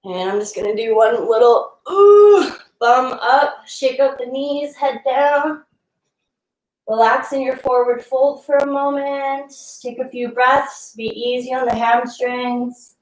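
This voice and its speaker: A woman's voice: high-pitched, fairly even intonation, unhurried, roomy sound, low-quality recording. A young woman leading a live yoga class, casual and encouraging, laughing often and a little out of breath as she moves through the poses. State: slightly out of breath. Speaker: yoga instructor.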